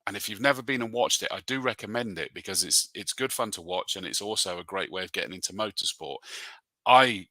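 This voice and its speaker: A man's voice: on the low side, animated, fairly quick, sharp tone, dry recording. A man and motorsport commentator hosting a live show, chatting casually and reading out viewer comments in a matey way. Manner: chatty and matey, calls people mate.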